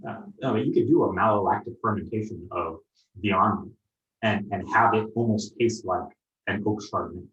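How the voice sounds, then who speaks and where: A man hosting a casual wine tasting as sommelier, talking with many quick restarts. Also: fairly low pitch, distant mic. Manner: animated, stammering restarts. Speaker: sommelier host. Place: home, remote group call. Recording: dull, roomy audio from off-mic.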